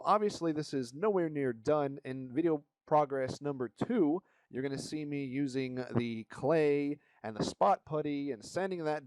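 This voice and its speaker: A man's voice: medium pitch, a little mellow, no echo. A man casually narrating his model kit build, joking around and swearing now and then. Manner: joking, swears, hollers playful asides. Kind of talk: casual hobby vlog narration.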